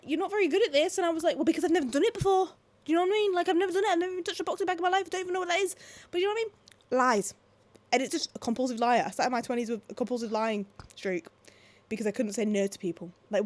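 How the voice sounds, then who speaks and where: Woman in her 20s, at-home vlog rant, sweary and animated, voice on the high side. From England. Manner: swearing, animated, fast-shifting, lots of "like". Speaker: vlogger. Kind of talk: casual ranting monologue. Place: at home, indoors.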